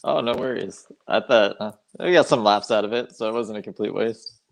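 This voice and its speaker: A man's voice: lowish voice, fairly quick, creaky. A man in casual chat, laid-back, giving brief replies and laughing along.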